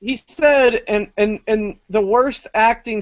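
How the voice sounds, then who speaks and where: A man's voice: sits high, animated, no room sound. A man co-hosting a wrestling podcast, rambling and retelling scenes in casual chat. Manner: rambling, filler-heavy, quick retelling. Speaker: wrestling show co-host. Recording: dry, dull lo-fi podcast audio.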